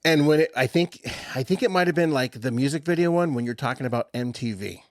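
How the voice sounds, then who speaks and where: A man co-hosts a podcast and tells his stories with lots of swearing and laughter. His voice sits at an average pitch. It is recorded close on a mic, very dry, with no room sound. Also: quick pace, no echo. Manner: profane, animated storytelling with frequent laughter. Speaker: podcast co-host. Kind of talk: casual chat.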